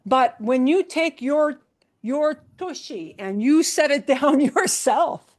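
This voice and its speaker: A woman's voice: high-pitched, animated, slow. A woman Spanish teacher explaining grammar to her class patiently, step by step, with everyday examples.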